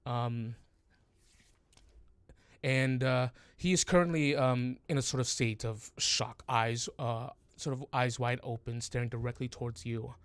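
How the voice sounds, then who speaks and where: A man narrating a tabletop role-playing game as game master, speaking very slowly and hesitantly. His voice is mid-pitched and recorded close and dry, with no room sound. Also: steady tone, a bit bright, smooth, no echo. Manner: hesitant, many fillers and restarts.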